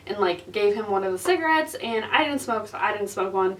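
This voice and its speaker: A woman's voice: medium pitch, a little fast, few pauses, fairly bright tone, distant mic, a little hiss or hum, rough recording. A young woman vlogger telling a story in a casual, chatty way, full of fillers and laughs.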